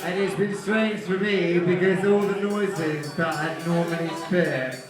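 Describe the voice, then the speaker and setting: A man's voice: high-pitched, steady tone, unhurried. A man addressing a crowd casually, rambling with fillers and restarts. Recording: echoey live room with music behind.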